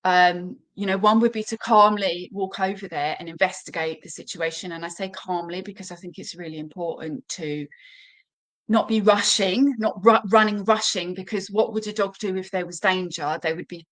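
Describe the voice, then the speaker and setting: A woman's voice: steady tone, normal speed, poor audio. Chatty woman dog trainer explaining. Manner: chatty, explains step by step with many fillers; acts out short quotes in a high, anxious voice. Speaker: dog trainer hosting a live Q&A. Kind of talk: live-stream teaching, conversational.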